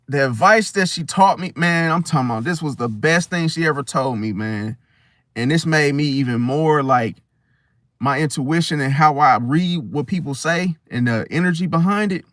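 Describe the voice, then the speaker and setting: Animated young man telling a story. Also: fairly high pitch, no echo, clean studio sound. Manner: animated storytelling, slangy, swings loud and soft. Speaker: host. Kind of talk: casual talk to camera.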